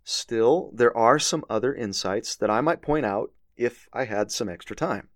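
A man's voice: mid-range voice, a little slow, no room sound, studio quality. A man teaching a scripture lesson, reading verses aloud with earnest emphasis. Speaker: religious teacher.

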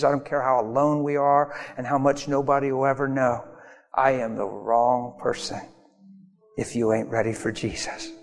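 A man preaching a sermon, telling stories in an emphatic way that rises to sudden bursts. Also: on the high side. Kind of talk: sermon storytelling. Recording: long hall reverb with faint music.

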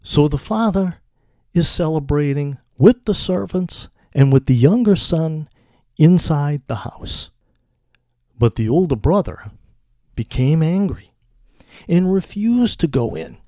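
A man preaching a sermon in a measured, deliberate way. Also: fairly high pitch, lively intonation, mellow, dry recording, studio quality.

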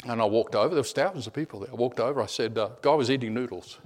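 Speaking very fast at a medium pitch, a middle-aged preacher delivers a sermon full of personal stories. He tells them animatedly, repeats words, and sometimes drops to a hush.

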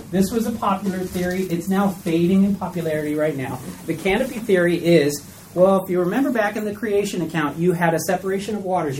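A man's voice: high-pitched, noisy background. A man teaching a casual Bible study class. He keeps checking in with the group by asking "okay?" and "right?".

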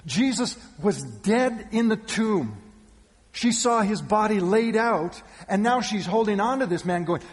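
A male pastor giving a sermon with animated storytelling, shifting between loud calls and hushed asides. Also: high-pitched, moderate pace. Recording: long reverb of a church hall.

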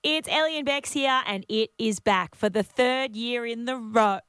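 A woman's voice: on the high side, normal speed, fairly bright tone, smooth, dry recording. A woman co-hosting a radio show in casual banter, bubbly and tripping over her words, on a studio microphone. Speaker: radio co-host.

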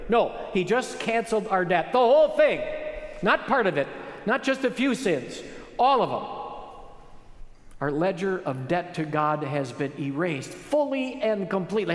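High-voiced man preaching in echoey hall. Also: normal speed. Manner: animated preaching with rising emphatic phrases. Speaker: pastor. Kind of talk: sermon. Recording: echoey hall with long reverb.

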